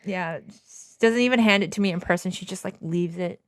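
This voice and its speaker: Young woman, podcast co-host, casual chat, animated, acts out quotes, dry close sound. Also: on the low side, fairly quick, no echo.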